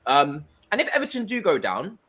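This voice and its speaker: Casting: lively young co-host, bright, bouncy delivery for football banter. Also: male voice, on the high side, brisk, breathy edge. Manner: animated and jokey, teasing. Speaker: podcast co-host. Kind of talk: casual football chat.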